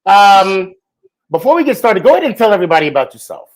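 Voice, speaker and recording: A man with a fairly high voice hosts a podcast in a loose, chatty way. He jokes along and fills his pauses with "um" and "uh" as he talks to his guest. It sounds like casual talk from home. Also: sing-song, low-quality recording. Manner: chatty and joking, lots of fillers. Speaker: podcast host.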